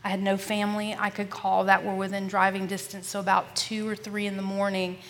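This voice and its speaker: A woman earnestly sharing her personal faith testimony as a podcast guest, often dropping to a soft, hushed voice and calling listeners y'all. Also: mid-range voice, completely flat delivery, fairly quick, long reverb tail.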